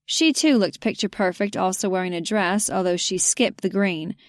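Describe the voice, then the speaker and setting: A woman narrating a romance audiobook, lively and giving the characters their own voices, on a close mic. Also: medium pitch, moderate pace, dry recording.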